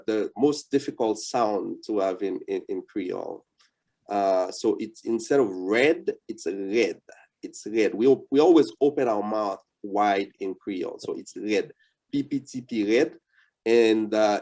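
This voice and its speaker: A man from Haiti, speaking with a dark tone on the low side, teaches a language interactively over video. His approach is patient and encouraging, with slow repetition of words.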